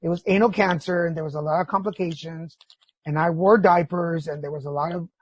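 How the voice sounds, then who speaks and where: A man's voice: fairly high pitch, steady tone, a little fast, dull audio, a little hiss or hum. A middle-aged man hosting a podcast in a casual chat, telling candid stories with feeling and swearing freely. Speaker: podcast host.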